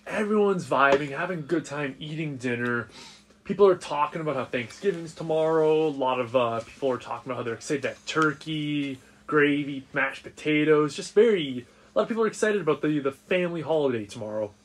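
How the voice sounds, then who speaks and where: A man narrating as game master of a tabletop role-playing game in a casual, animated way. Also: on the high side, fairly quick, a little hiss or hum. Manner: casual, animated scene-setting.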